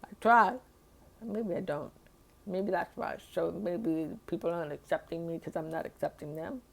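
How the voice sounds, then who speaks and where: A woman's voice: on the low side, steady tone, moderate pace, gravelly. Rambling, emotional woman vlogger. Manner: rambling, emotional, with sighs and laughs. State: upset and overwhelmed. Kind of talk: personal diary vlog.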